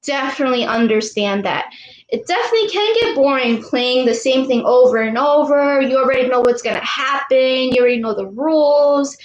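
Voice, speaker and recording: A woman coach teaching a live online lesson to girls, patient and encouraging, repeating each question slowly for the kids. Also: sits high, reverberant, lo-fi sound. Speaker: youth sports coach.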